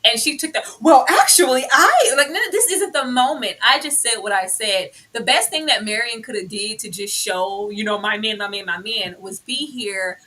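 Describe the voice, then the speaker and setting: A woman co-hosting a live TV recap, talking in a sassy, expressive way. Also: mid-range voice, normal speed, hardly any pauses. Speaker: podcast co-host. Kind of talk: casual live TV recap chat.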